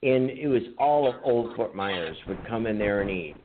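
A man's voice: lowish voice, expressive, normal speed. A man co-hosting a podcast, telling a rambling, profane story in casual chat, laughing as he goes. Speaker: podcast co-host. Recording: tinny phone-like line with faint hiss.

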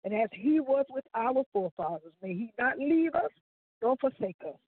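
A gospel radio host, a woman, prays with a fervent preacher's cadence and stretched-out phrases. Her voice is husky and close, with no room around it. It all comes through a thin, phone-like line. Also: a little high, lively intonation, normal speed, dry recording. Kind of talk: spoken prayer on air. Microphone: phone call-in.

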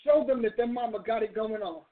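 A woman minister hosts her show with blunt, emphatic exhortation, refusing any soft tone. Her voice sits fairly high. The sound is narrow and tinny, like a phone line. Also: brisk. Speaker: talk show host and minister. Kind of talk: preaching call-in style talk.

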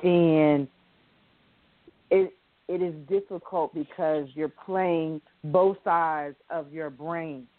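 A middle-aged woman hosting a call-in show, speaking slowly and with emphatic repetition. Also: low voice, fairly even intonation, dry recording. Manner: slow, emphatic, repeating words. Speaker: host. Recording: dry, tinny phone-like sound.

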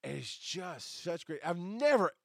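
A man hosts a podcast in a loose, rambling monologue, swearing freely and stopping to reply to live chat. His voice sits a bit high and swings widely up and down as he talks. The sound is close and dry. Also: very animated, a little slow, vocal fry, no room sound. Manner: answers live chat comments mid-talk. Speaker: podcast host. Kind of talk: casual spoken monologue.

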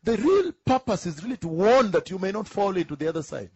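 A man preaching a teaching sermon, emphatic, who repeats key phrases slowly, asks rhetorical questions and chuckles between points. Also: high-pitched, very animated, darkish tone, husky, no echo, poor audio.

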